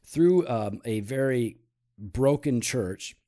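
A man with a mid-pitched, lively voice hosts a casual talk. He explains at a measured pace with plenty of ums, and teases his co-host. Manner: teasing, then measured explaining with many fillers. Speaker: podcast host. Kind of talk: casual teaching talk about church history.

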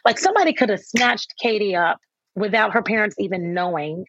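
A woman author being interviewed about raising kids, telling lively stories and acting out the voices of herself and her children. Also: medium pitch, a little fast, slightly rough, no echo. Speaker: author and guest. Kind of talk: conversational interview. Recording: dull, dry sound.

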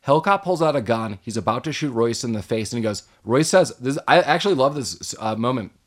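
A man's voice: mid-range voice, a little fast. Man recapping a movie, laughing often. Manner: animated retelling, quoting characters, laughing often. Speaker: podcast co-host. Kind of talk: casual movie recap chat.

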